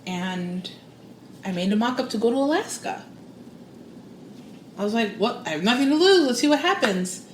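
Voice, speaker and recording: At normal speed but pausing often, a psychic and spiritual coach tells a personal story as a podcast guest. Her delivery is lively and expressive, with big pitch jumps as she acts out quoted voices. The room is echoey and there's slight background noise.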